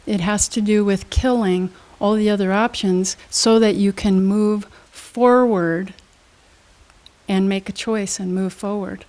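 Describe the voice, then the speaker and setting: A woman with a mid-range, slightly mellow voice speaks as a guest in a studio interview. She's a motivational speaker and trainer, answering emphatically like a teacher and tossing out quiz-style questions.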